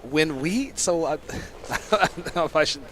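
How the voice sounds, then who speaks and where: A man, a sumo coach, giving casual sports commentary, excitable and often laughing while telling rambling stories. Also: a little high, a little slow, a crowd in the background. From United States.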